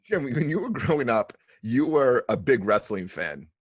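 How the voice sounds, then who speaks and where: A man co-hosting a podcast asks his guest questions in a teasing, giggly way. His voice sits at a middle pitch with a husky, breathy grain, and the sound is dry and close. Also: sing-song, normal speed, no room sound. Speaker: podcast co-host, comedian. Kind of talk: casual podcast chat.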